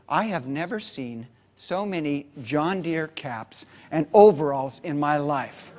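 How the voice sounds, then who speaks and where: A middle-aged man giving a motivational keynote, telling a story with dramatic pauses. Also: on the high side, fairly bright tone. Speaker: keynote speaker.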